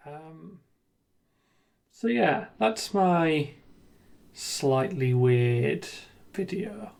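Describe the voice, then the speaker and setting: A man with a fairly high voice talks slowly and unhurriedly through an ad-libbed monologue. He is earnest and self-deprecating, and he keeps pausing on ums and restarting his sentences. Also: lively intonation, creaky, darkish tone. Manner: rambling, hesitant, with frequent ums and restarts. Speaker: gaming video creator. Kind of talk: unscripted reflective monologue.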